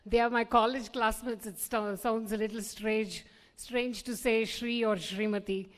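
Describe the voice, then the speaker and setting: A woman's voice: fairly high pitch, steady tone, a little slow. A woman, politely anchoring a formal stage event as master of ceremonies. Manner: polite, poised and welcoming. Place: large auditorium. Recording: long reverb of a live auditorium.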